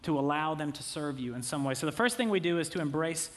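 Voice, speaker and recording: A man's voice: fairly high pitch, animated, fast, slight background noise. A man in his thirties preaching a sermon as a pastor, talking in a conversational way with jokey asides.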